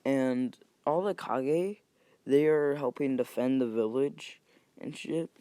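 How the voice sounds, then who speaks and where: A man's voice: medium pitch, slow, mellow, smooth, no echo. A young man casually retelling an imagined fan story, rambling, swearing freely and correcting himself as he goes. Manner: rambling, profane, self-correcting.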